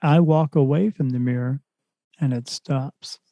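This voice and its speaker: This man has a mid-range voice and speaks a little slowly, with no room sound in the recording. He's a spirit medium appearing as a podcast guest, and his storytelling is casual and animated, complete with acted-out lines from others.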